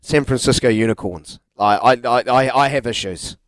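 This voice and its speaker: A man's voice: medium pitch, moderate pace, no echo. A man with a New Zealand accent co-hosting a cricket talk show in a playful, presenter-like way. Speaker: co-host. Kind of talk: casual sports chat.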